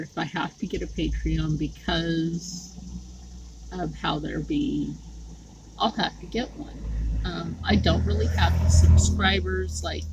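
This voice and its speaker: A woman talking to her viewers in a personal vlog, rambling and halting with many fillers, outdoors. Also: low voice, creaky, a little hiss or hum, rough recording. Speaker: YouTube creator.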